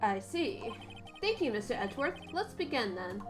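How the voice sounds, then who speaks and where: A judge, played by a woman, speaks formal, measured lines in a high voice. Faint game music runs underneath. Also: sing-song.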